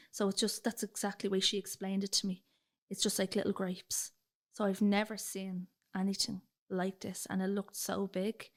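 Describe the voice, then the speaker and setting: With a mid-range, darkish-toned voice, a young Irish woman with a Dublin accent recounts her own story as a podcast guest. She's chatty, acts out the dialogue, and uses fillers like "like."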